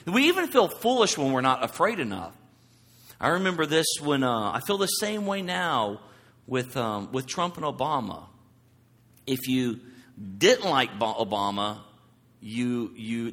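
A man preaches in a loose, conversational way, slipping into the voices of the people he quotes. His voice is bright and forward, and it rings with a long reverb as if he were in a large hall. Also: medium pitch. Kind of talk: informal sermon.

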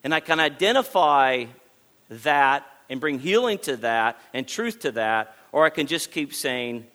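A man from Texas, preaching a sermon in an animated way, often restarting and repeating phrases. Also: mid-range voice, measured pace.

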